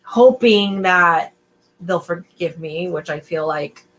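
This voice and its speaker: A woman's voice: fairly low pitch, takes it slowly, rough recording. A young woman, a podcast guest, telling a personal story in casual late-night chat. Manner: animated storyteller, acts out quotes.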